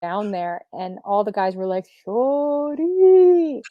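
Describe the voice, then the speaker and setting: A woman's voice: mid-range voice, little pitch movement, moderate pace, no echo, narrow, tinny audio. Female guest, rambling chatty storyteller, dry close mic. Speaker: guest DJ and streamer. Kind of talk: casual chat.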